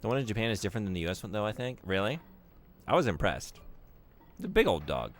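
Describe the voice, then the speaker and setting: A man's voice: fairly low pitch, very animated, quick pace. A young man streaming a game, joking and teasing his viewers in casual chat.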